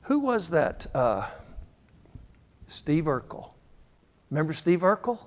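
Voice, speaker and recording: An older man preaches with lively storytelling, slipping into quoted voices. His voice sits a bit high. The sound rings with the long reverb of a church hall. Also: slow, pauses often. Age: 60s. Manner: animated storytelling, acts out quotes with shifting voice. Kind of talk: sermon.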